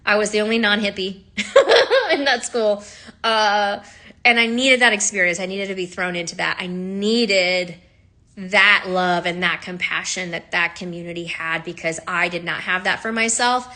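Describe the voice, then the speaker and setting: A woman's voice: lowish voice, fairly even intonation, normal speed, sharp tone. A woman who teaches sound healing, talking candidly and with feeling, with frequent laughs and the odd swear word. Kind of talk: casual storytelling monologue.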